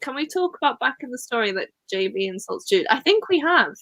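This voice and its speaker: A woman's voice: on the high side, big pitch swings, a little fast, sharp tone, no echo. A young woman with a Welsh accent, chatting casually about a book, often laughing and acting out reactions. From Wales. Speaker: book club host.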